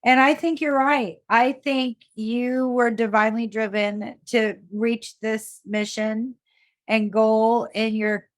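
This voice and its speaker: A woman hosting a podcast interview, emotional and halting as she responds to her guest. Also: a little high, fairly even intonation. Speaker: podcast host. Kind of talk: interview conversation.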